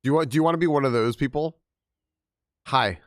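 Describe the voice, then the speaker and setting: A man's voice: mid-range voice, fast talker, no echo, clean studio sound. A young man streaming a game, chatting casually, laughing and greeting his chat.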